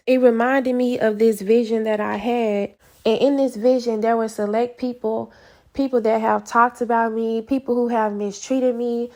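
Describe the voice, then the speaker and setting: A lively woman sharing a faith testimony. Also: on the high side. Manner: animated storytelling, acts out her own quoted prayers. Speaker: faith vlogger. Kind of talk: casual testimony.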